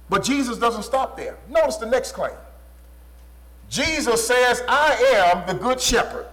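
High-voiced man preaching emphatically. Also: lively intonation, normal speed, poor audio. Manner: emphatic, repetitive preaching cadence, dropping low and quiet for stress. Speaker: pastor. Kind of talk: sermon.

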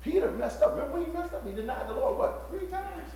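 A man preaching a sermon, swinging from hushed, whispered asides to shouted, sung lines. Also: very high voice, big pitch swings, quick pace, creaky, reverberant, crowd noise.

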